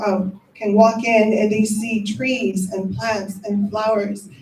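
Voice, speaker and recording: In a school cafeteria, a middle-aged female teacher delivers a heartfelt, emotional ceremony speech in a medium-pitched, somewhat dark voice. The distant mic picks up an echoey room and slight background noise.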